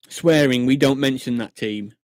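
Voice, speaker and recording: A man's voice: medium pitch, a little mellow, no echo, studio quality. A man from Shropshire, chatting casually on a live stream, swearing and laughing often. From England, Shropshire. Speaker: livestreamer.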